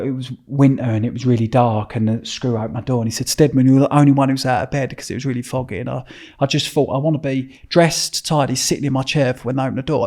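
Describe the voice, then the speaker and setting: A man's voice: medium pitch, mellow. A man with an Essex accent, a guest in a podcast interview, telling stories in a blunt, rambling way, swearing freely and restarting his sentences. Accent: Essex English. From Essex, England. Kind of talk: casual interview storytelling.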